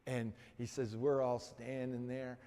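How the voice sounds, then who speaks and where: A man preaching, telling a story with frequent repeated words and halting restarts. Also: mid-range voice, little pitch movement, warm tone. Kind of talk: sermon storytelling. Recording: long hall reverb.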